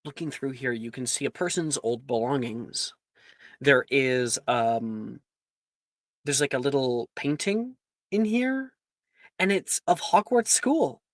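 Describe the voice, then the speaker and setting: Slow-talking, halting male game master. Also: medium pitch, animated, dry recording, studio quality. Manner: hesitant, full of likes and ums. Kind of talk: narrating a tabletop game.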